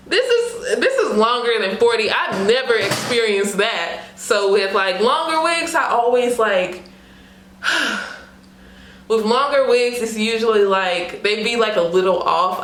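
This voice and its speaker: A young woman unboxing a wig for her vlog, excited and laughing, talking casually with lots of slang and fillers. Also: fairly high pitch. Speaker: beauty vlogger. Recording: roomy echo.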